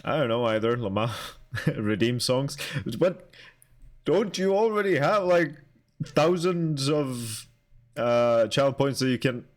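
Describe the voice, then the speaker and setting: A young man streaming and chatting casually with his viewers, halting and talkative as he answers chat aloud. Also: medium pitch, expressive.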